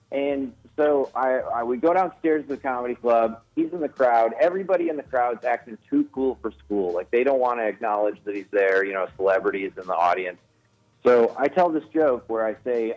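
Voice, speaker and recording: Speaking briskly in a mid-range, slightly mellow voice, a man appearing as a guest comedian on a relaxed radio interview shares a story at his own expense, with several restarts. The radio audio is a bit dull.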